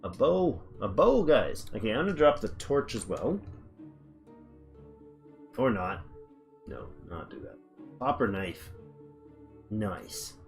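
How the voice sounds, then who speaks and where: A man's voice: fairly low pitch, big pitch swings, slow pace, vocal fry, pauses often, faint music behind. A man casually chatting on a livestream while playing a game, rambling and thinking aloud as he reads the chat. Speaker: game streamer.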